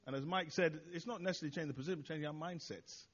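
A man's voice: on the high side, very fast, fairly bright tone, highs cut off. Hesitant man reflecting after a sermon. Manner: hesitant, with many "uh"s and restarts, self-deprecating. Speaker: church leader responding to the sermon.

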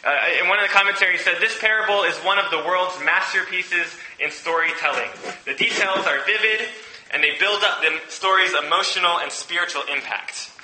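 A man's voice: high-pitched, brisk, pushed and bright, a little hiss or hum. A man preaching a sermon, reading a parable aloud and then explaining it in a conversational way, with frequent restarts and asides. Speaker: pastor. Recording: echoey room.

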